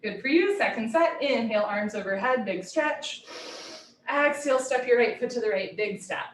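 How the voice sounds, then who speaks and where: A woman teaching a live yoga class from home, giving brisk, clipped posture cues with a light, playful touch. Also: on the high side, animated, slight background noise. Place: home room. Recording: roomy echo, heard from a distance.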